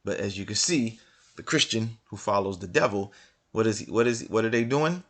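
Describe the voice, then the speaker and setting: With a low-leaning, fairly bright voice at a normal speed, this man reads book passages aloud and argues over them as a religious commentator. He drives his points home through repeated rhetorical questions and frequently restarts.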